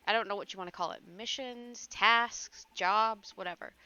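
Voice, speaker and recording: A woman's voice: mid-range voice, sing-song, brisk, hardly any pauses, sharp tone, dull audio, faint music behind. A woman streaming a video game, chatting casually and joking at her own expense, with the odd swear.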